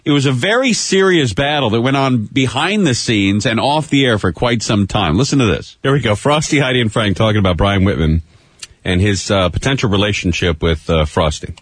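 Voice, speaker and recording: A man's voice: on the low side, expressive, brisk, dry recording. A man hosting a radio talk show, wisecracking and introducing clips in casual banter.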